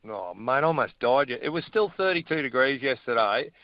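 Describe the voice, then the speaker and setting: A man's voice: medium pitch, animated, moderate pace, no room sound, lo-fi sound. A middle-aged Australian man giving blunt, wry opinions as a weekly guest on a radio chat show.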